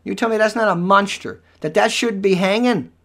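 A man delivering an angry, profanity-filled rant over news headlines, swinging between shouts and low muttering. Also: moderate pace. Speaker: video commentator.

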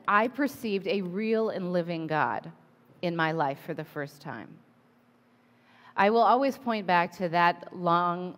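A woman pastor in her forties giving a conversational sermon, telling a personal story with lively asides. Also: lowish voice. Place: church sanctuary. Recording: long reverb of a church hall.

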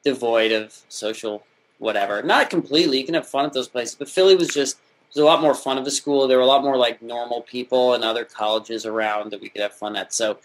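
A man in his thirties, a podcast guest telling stories in casual chat, often trailing off into quiet asides. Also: mid-range voice, brisk, rough recording. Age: 30s.

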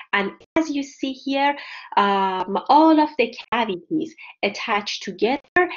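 Slow, deliberate woman lecturing on a dull recording. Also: on the high side. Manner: slow and deliberate, with frequent pauses and fillers. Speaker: anatomy lecturer. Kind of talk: recorded lecture over slides.

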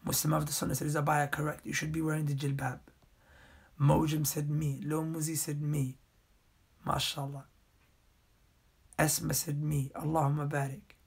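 A young man preaching on a live stream, pleading earnestly in a hushed, breathy voice as he reads viewers' comments aloud. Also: fairly high pitch, flat delivery, moderate pace, pauses often. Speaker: Islamic preacher.

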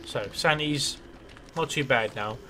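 A man's voice: mid-range voice, a little slow, pushed and bright, slight background noise. Rambling, swearing man gaming. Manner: rambling, swears freely, talks to himself. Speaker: let's play host. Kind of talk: casual gameplay commentary.

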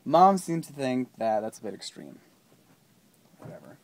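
A man with a sore, infected throat rambling through a comic vlog, cracking deadpan jokes and slipping into whispers. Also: medium pitch, moderate pace, no room sound. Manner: joking deadpan asides, drifting into whispers. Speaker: vlogger. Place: waiting outside an animal hospital.

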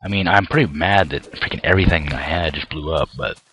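A man's voice: extremely low pitch, fairly quick, sharp tone, breathy edge. A young man commenting on his own gameplay, often frustrated and ranting at the game with mild swearing. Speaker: gameplay video creator.

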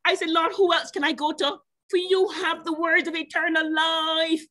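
A woman preaching a sermon at a church service, speaking personally to members of the congregation and stretching out slow scripture quotes between bursts of emphasis. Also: very high voice, level tone, pushed and bright. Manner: chatty, personal asides to named congregation members. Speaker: guest preacher.

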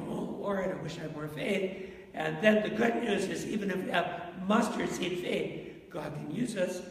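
A man's voice: high voice, fairly bright tone. A male pastor preaching a sermon in a church, talking in a conversational way and asking the congregation questions. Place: church sanctuary. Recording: echoey hall from far off.

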